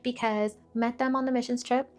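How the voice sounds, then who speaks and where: A woman's voice: a little high, flat delivery, a little fast, soft background music. A young woman telling her faith testimony in a candid, conversational way, blunt and full of filler words.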